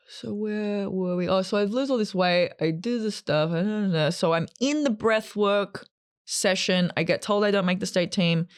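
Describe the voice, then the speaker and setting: A woman's voice: medium pitch, unhurried, clean tone. A woman, telling a story in a rambling, sarcastic, casual way while walking into a restaurant. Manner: rambling, sarcastic, self-deprecating. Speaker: vlogger. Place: walking into a fast food restaurant.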